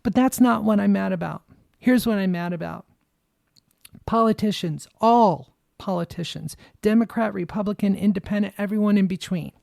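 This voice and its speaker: Podcast host, young woman: furious, emphatic monologue with plenty of swearing, trembling with anger; dark, gravelly tone. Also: mid-range voice, normal speed, no room sound, clean studio sound. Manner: angry, emphatic, swears freely. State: shaking with anger. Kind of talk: impassioned political monologue.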